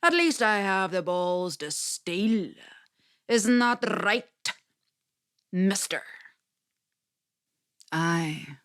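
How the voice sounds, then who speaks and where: A woman's voice: mid-range voice, expressive, extremely slow, long pauses, a bit bright, dry recording, clean studio sound. A woman voicing a defiant, coarse female street thief who mocks a rich man. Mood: mocking.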